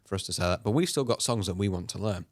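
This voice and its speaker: A man co-hosting a guitar school podcast, talking in a relaxed way with short interjections. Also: deep voice, fast, no echo, clean studio sound. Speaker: podcast co-host, guitar teacher. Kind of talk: casual podcast chat.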